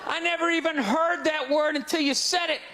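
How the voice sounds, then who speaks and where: A man doing stand-up comedy, ranting loudly and incredulously, shouting his punchlines to an audience on stage with a handheld mic. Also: extremely high pitch, fairly even intonation, a little fast. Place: large comedy venue on stage. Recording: live show with crowd laughter and noise. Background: audience laughing and groaning.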